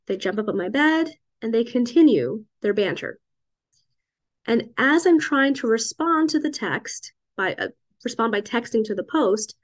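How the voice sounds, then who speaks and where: A middle-aged woman, a psychiatrist and parent, telling a personal story in a reflective, conversational way and often turning to listeners with "right?". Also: medium pitch. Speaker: psychiatrist and parent sharing advice.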